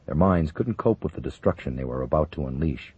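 A man reading a thriller audiobook in a steady, measured voice. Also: a bass voice, breathy edge, dry recording. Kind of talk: audiobook narration. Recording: dull, dry recording.

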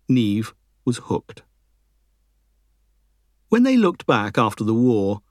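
A man reading a history book aloud as a narrator, measured and lifting his pitch for emphasis. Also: a little mellow, no echo, studio quality. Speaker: audiobook narrator.

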